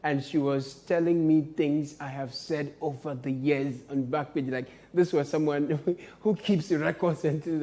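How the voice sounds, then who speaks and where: A man's voice: on the high side, fairly even intonation, a little slow. A man hosting a satirical comedy show, joking and laughing often as he talks. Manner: playful, laughs often, mock shouting. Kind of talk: comic satirical commentary.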